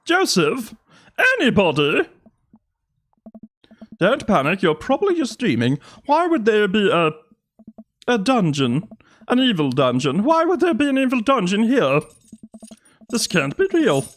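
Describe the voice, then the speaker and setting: A man's voice: sits high, voice pushed up, heavily acted. A man voicing a nervous captive dad in a nasal cartoon-alien impression.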